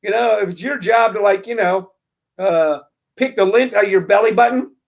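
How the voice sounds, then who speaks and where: A man hosting his own show, talking through a casual monologue in an animated, emphatic way, ranting with playful jabs. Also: high-pitched, moderate pace, vocal fry. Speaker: show host.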